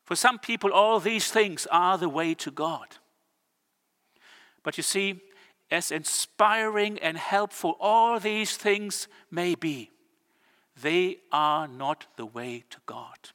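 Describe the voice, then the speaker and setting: A man preaching a sermon, earnest and measured, slowing his words down for emphasis. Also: high voice, bright, forceful tone. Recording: long church reverb.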